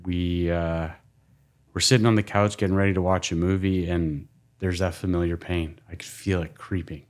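A man's voice: deep voice, fairly even intonation, normal speed. A man guesting on a podcast, telling a personal story bluntly, swearing often and acting out what people said. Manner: blunt, swears often, replays his own words and others' in quotes.

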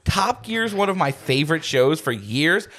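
An emphatic male podcast co-host who works as a voice actor. His pitch swings widely and his delivery is animated and self-mocking. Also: moderate pace. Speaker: narrator and voice actor. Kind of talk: casual chat.

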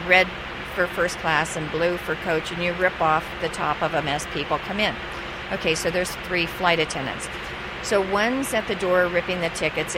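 A woman who works as a flight attendant, telling an anecdote in a lively way and acting out the dialogue. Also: on the low side, very noisy. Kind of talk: anecdote told in an interview.

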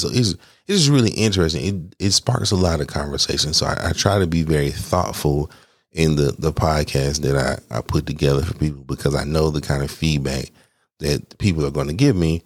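A man hosting his own podcast in a casual, candid, rambling way, laughing between phrases, swearing freely and poking fun at himself, with a deep voice that people praise as made for radio. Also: fairly quick, no room sound, studio quality. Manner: candid, rambling, self-deprecating. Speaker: podcast host. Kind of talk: casual solo podcast chat.

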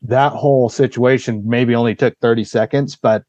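A man's voice: mid-range voice, steady tone, normal speed, a little mellow, no room sound, highs cut off. A man on a podcast telling a story in a casual way, swearing freely and acting out what others said. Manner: vivid retelling, swears freely, acts out the voices of others.

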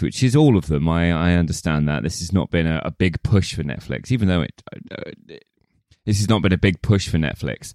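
A man's voice: low voice, animated, moderate pace, a little mellow, no echo. A man co-hosting a film podcast in casual chat, telling rambling jokey stories. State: sore back. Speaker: podcast co-host.

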